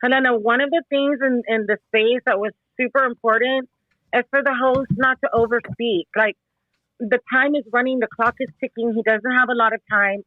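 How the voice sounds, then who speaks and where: A man's voice: very high-pitched, steady tone, normal speed, no room sound. A man on a group call, complaining in a frustrated way. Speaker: listener in an online audio room. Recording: phone-like, dry audio.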